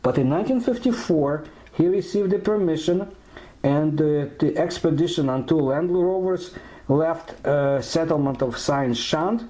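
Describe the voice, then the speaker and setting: A man narrates in English, slow and halting, pausing with fillers as he searches for words. His voice is dark and mellow, sitting a little high for a man. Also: rough recording. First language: Russian. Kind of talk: narration in a played video.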